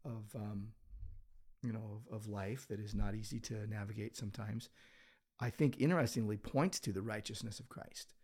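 A pastor with a fairly low, slightly rough voice and darkish tone co-hosts a church podcast, talking at a moderate pace with fairly even intonation. Sitting in an office full of books, he rambles casually, restarting frequently and adding filler.

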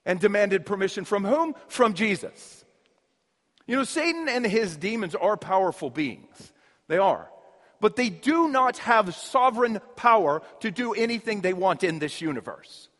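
A man's voice: sits high, lively intonation, measured pace, a bit bright, in a large hall. A man preaching a sermon as pastor, earnest and explanatory, with emphatic repetition. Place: church.

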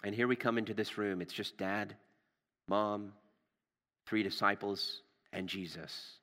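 Bright-toned male preacher in a hall. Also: fairly even intonation, measured pace. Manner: storytelling, rises for drama and drops low for tender words. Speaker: pastor. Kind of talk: sermon.

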